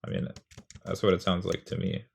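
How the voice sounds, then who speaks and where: Low gravelly young man, rambling. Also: level tone, a little fast, darkish tone, a little hiss or hum. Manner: rambling, self-deprecating, sounding out rhythms aloud. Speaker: poetry tutorial host. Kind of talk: casual self-mocking explanation.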